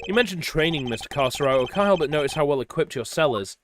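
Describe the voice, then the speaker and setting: A man's voice: on the high side, lively intonation, noisy background, close to an everyday voice. A man doing a cool, aloof prosecutor. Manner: formal, measured, aloof. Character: cool formal male prosecutor. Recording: game music behind.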